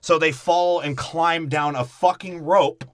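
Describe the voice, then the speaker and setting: A man's voice: a little high, fairly even intonation, a little slow, no echo. A man co-hosting a podcast, riffing crudely through a movie recap and slipping into mock character voices. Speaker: podcast co-host.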